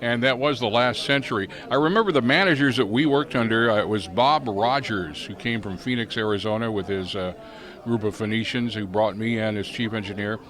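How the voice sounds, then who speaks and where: At an outdoor reunion with crowd chatter around, a former chief engineer interviews an old colleague in a casual, genial, teasing way. He speaks a little fast, with a fairly low pitch and a fairly bright tone.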